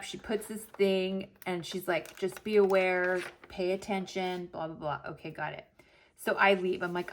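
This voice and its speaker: With a mid-range voice and slight background noise, a woman in her forties spins a long tale on her planner vlog. She chats animatedly, performing the quoted dialogue as she retells it.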